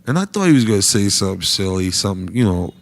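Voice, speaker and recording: A man telling a comic anecdote in a casual, profane, slangy way, getting animated as he goes. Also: low-pitched, fast, vocal fry. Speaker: storyteller guest.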